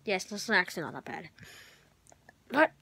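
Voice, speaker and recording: A woman's voice: mid-range voice, big pitch swings, normal speed, creaky, bright, forceful tone, husky. A girl vlogging from her bedroom, rambling and self-mocking, often sighing and dropping to a whisper. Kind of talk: rambling casual vlog to camera. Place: bedroom, on a bunk bed.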